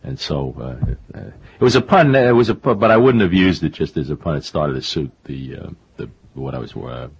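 In a conversational interview heard over dull, lo-fi radio audio, an older man who writes novels speaks as the guest. He has a bass voice that is expressive and slightly rough, at an ordinary pace. He wanders and belittles himself, often restarting and using fillers.

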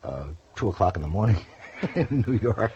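Speaking at a normal speed, an older man with a breathy, very husky and fairly low voice shares lively anecdotes as an interview guest, voicing the quotes himself. He is a former news correspondent. The recording has the dull, lo-fi quality of an old radio broadcast.

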